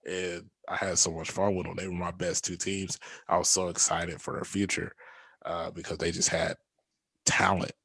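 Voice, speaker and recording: A man, a youth basketball coach, telling stories in casual chat, animated and laughing often as he acts out quotes. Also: low-pitched, normal speed, creaky, breathy edge, no room sound.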